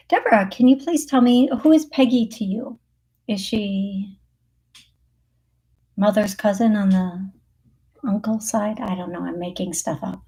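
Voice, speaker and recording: A woman with a medium-pitched voice speaks slowly with long pauses. She hosts a live psychic call-in show as a medium, chatting through readings, laughing often and thinking aloud with plenty of fillers.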